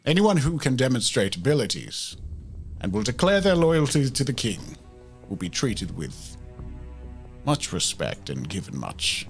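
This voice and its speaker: A game master voicing a male army captain who proclaims a royal decree in a strong, slow and formal way. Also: medium pitch, very animated, faint music behind. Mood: proclaiming. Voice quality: strong, commanding.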